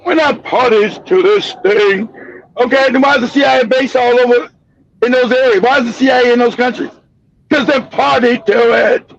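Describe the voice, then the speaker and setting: A man hosting a political commentary show, ranting angrily with profanity and bursts of shouting. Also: very high-pitched, moderate pace, vocal fry, no room sound. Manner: angry, profane, shouting tirades. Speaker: host. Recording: dull lo-fi audio.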